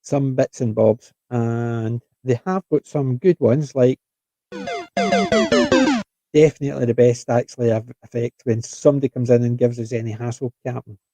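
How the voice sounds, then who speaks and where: A man's voice: mid-range voice, steady tone, normal speed, dark tone, dry recording, faint music behind. A man, a podcast co-host, rambling enthusiastically in casual chat.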